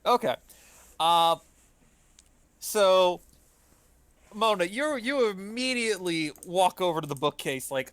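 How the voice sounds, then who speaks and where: A man's voice: on the high side, takes it slowly, long pauses, fairly bright tone, clean tone, no room sound. A man running a tabletop game as game master, narrating with many ums and uhs. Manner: hesitant, full of ums and uhs.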